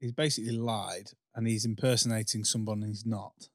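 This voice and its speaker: A man's voice: fairly low pitch, steady tone, a little fast, no room sound. A man with a Yorkshire accent co-hosting a casual podcast, making dry, incredulous remarks. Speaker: podcast co-host. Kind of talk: casual chat.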